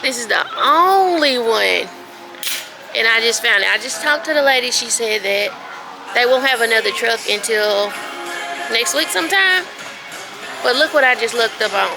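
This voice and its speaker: A woman, chatting excitedly to viewers while filming a casual vlog outdoors and in a store. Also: a little high, moderate pace, creaky, long pauses, poor audio. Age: late 30s. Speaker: vlogger. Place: outdoors, then inside a discount store. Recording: music playing behind her.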